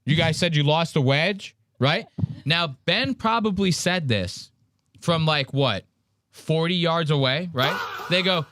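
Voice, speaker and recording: A man hosting a podcast, telling a story in casual banter with crude, animated mocking impressions. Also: fairly high pitch, unhurried. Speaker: podcast host.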